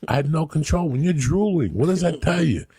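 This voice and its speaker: A man's voice: a little high, expressive, fairly quick, dark tone, husky. A man in his fifties telling rambling, profane stories in a casual podcast chat. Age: 50s. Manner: rambling, profane, laughing storyteller. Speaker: podcast host.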